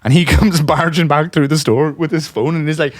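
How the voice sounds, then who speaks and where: A young man co-hosting a podcast, telling a story in casual chat, animated and laughing often. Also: a little high, fairly quick, no room sound, clean studio sound. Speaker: podcast co-host.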